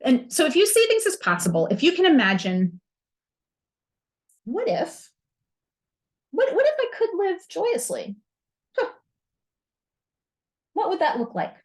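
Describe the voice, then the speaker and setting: A woman's voice: very high-pitched, wildly swooping pitch, measured pace, long pauses. A woman hosting a self-help podcast, talking candidly and with humor, using playful slang. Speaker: podcast host.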